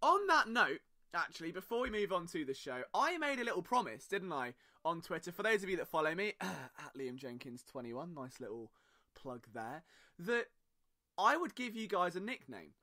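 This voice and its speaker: Bright high-voiced British young man. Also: very animated, fairly quick. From Britain. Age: young adult. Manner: sarcastic, self-mocking, rambling asides. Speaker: podcast host. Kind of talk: casual solo podcast monologue.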